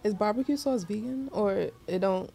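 Gravelly-voiced young woman podcast co-host. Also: mid-range voice, normal speed. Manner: lively, playful storyteller using casual slang. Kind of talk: casual chat.

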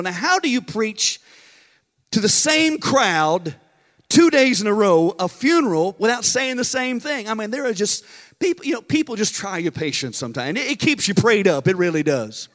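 A man, a pastor preaching and telling a story in an animated, folksy way with dramatic pauses. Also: high-pitched. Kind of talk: storytelling sermon. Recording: long reverb in a large hall.

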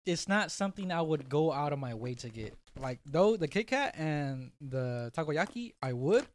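A man from Toronto co-hosting a podcast, giving measured opinions and teasing the others. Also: on the high side, animated. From Toronto, Canada. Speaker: podcast co-host. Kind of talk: casual snack-tasting chat.

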